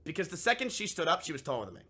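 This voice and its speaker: A man's voice: fairly high pitch, wildly swooping pitch, rapid-fire, heavy background noise. A young man streamer telling a story casually to his live chat, swearing freely and acting out both sides of the conversation.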